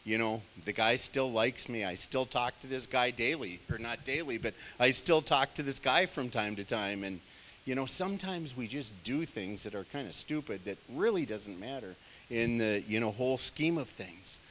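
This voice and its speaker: Rambling, bright-voiced male Bible teacher. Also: medium pitch, expressive, normal speed, long reverb tail, slight background noise. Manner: rambling, digressive, self-deprecating; many fillers, conversational asides. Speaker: bible study leader. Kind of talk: casual teaching sermon.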